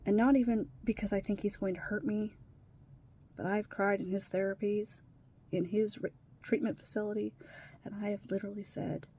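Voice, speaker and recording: A woman recording a personal video diary while distressed and tearful, dropping to hushed whispers and then rising into swearing outbursts. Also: medium pitch, steady tone, normal speed, husky. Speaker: vlogger.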